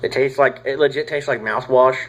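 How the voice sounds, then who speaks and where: A young man, rambling casually through a product review, swearing often and filling pauses with "uh" and "like.". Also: medium pitch, fairly even intonation, a little hiss or hum, low-quality recording. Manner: rambling, profane, drawling with frequent fillers. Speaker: tobacco reviewer.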